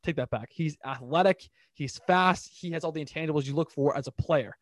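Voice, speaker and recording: Young male sports podcast host, brisk and lively, slightly higher voice, dry close sound, off-the-cuff. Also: dry recording. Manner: animated, rambling, quick recaps of scores. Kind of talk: casual sports talk.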